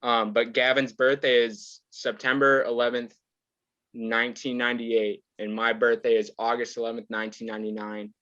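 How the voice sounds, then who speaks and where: A man's voice: medium pitch, flat delivery, normal speed, fairly bright tone, dry recording, dull audio. A man in his twenties, a podcast guest, chatting casually in a laid-back, rambling way and laughing often. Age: 20s. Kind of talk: casual chat.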